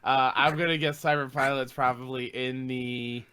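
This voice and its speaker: A man co-hosting a podcast in casual banter. He is excitable and quick to protest jokingly. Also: mid-range voice, clean tone. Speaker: podcast co-host.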